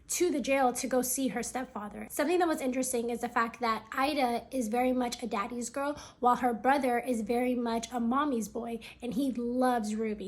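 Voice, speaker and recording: A woman with a somewhat high voice narrates a family story in a relaxed storytime manner. She talks like she's chatting with a friend, sprinkling in casual fillers.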